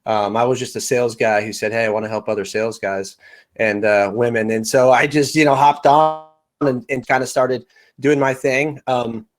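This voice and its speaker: A man's voice: medium pitch, fairly even intonation, moderate pace. Informal man speaking on a podcast panel. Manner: informal, repeats words when starting sentences. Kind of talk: casual panel discussion.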